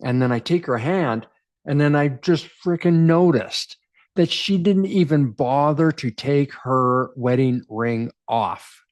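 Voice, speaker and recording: Speaking slowly in a mid-range voice, this relationship coach for men, a Canadian in his forties, shares a personal story to camera with animated emphasis and repeated phrases.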